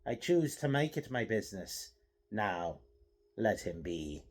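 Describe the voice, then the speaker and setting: A man voicing a calm, mysterious old swordsman. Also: on the low side, normal speed, natural voice. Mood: firm. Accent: odd foreign-sounding accent. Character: mysterious older male swordsman, calm and commanding.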